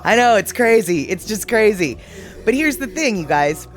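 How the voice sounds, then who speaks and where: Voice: mid-range voice, sing-song, normal speed. A livestream host in their forties chatting casually and reading viewer comments aloud, playfully exasperated.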